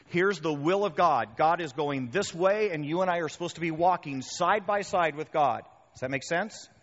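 A male pastor preaching a sermon in a conversational, animated way, often checking in with the crowd. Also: fairly high pitch. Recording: reverberant hall, dull muffled sound.

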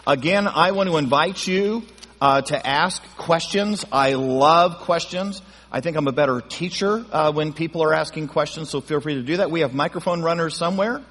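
A man's voice: fairly high pitch, moderate pace, a bit bright. A man, a pastor, teaching a midweek Bible study in a folksy, conversational way, often checking in with his congregation. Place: church auditorium. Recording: reverberant church hall.

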